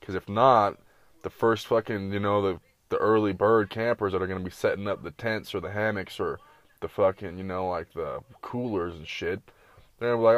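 A man's voice: on the low side, normal speed, dry recording, highs cut off. A man giving casual, rambling reaction commentary, full of profanity and slang. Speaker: streamer reacting to videos.

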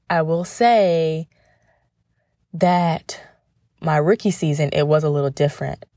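A woman's voice: deep voice, darkish tone, no room sound, studio quality. A woman hosting a podcast, a former professional cheerleader talking casually and chattily, speaking right to the listener. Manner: chatty, addressing the listener directly.

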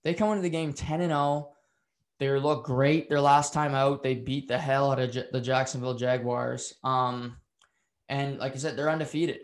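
Man, casual football recap, opinionated, rambling, mid-pitched voice. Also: steady tone, normal speed. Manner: opinionated, rambling with fillers and restarts, gets heated. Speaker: football commentator.

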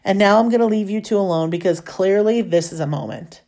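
A woman's voice: mid-range voice, brisk, dark tone, lightly acted. A woman reading the lines of a playful, teasing teenage girl in an audiobook, gleeful as she tells a story. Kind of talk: audiobook character voice.

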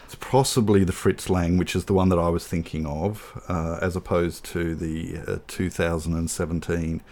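A man with a very deep, low voice co-hosts a film podcast. He chats casually and pokes fun at himself, restarting and repeating words as he goes. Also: steady tone, normal speed, a little mellow. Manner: chatty, self-deprecating, repeats words. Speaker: podcast co-host.

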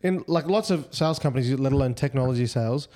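Fast-talking young man. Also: mid-range voice. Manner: fast, animated, swears a lot, acts out exchanges. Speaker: podcast co-host. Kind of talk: casual chat.

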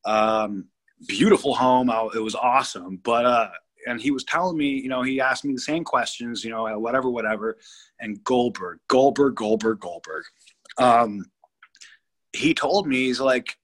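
In a laid-back interview, a guest from California in his thirties tells a story from his own life at a moderate pace. His voice is mid-range, and his delivery is animated, blunt and full of profanity, with frequent repetition.

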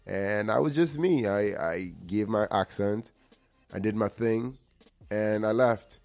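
A man's voice: lowish voice, slow, darkish tone, soft background music. A man from Trinidad and Tobago hosting his show, giving an earnest motivational monologue with personal stories and the odd repeated word. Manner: earnest, storytelling, repeats words when emphasizing. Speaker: actor and show host. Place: LA area.

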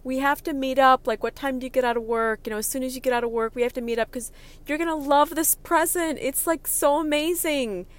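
A woman doing a gushing, high-pitched excited girlfriend. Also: brisk, natural voice. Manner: breathless, gushing, repeats herself.

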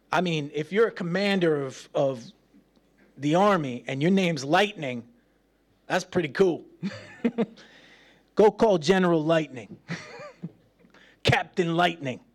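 A man delivers a sermon with a voice pitched a little above most men's. He is playful and talkative, laughs often, and acts out the voices of people in his story. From United States. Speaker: preacher. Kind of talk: sermon with personal stories.

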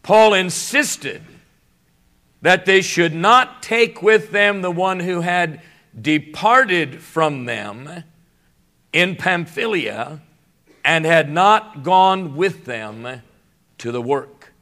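A man preaching a sermon in a church as guest pastor, still in his morning voice. He talks haltingly with many fillers and builds to emphatic points. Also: high-pitched, lively intonation, bright, forceful tone. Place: church sanctuary.

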